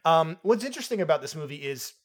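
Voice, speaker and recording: A man's voice: fairly high pitch, fast. A man co-hosting a podcast, chatting casually about a film with playful jokes and asides. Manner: animated, jokey, playful asides. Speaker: podcast co-host. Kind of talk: casual film review chat.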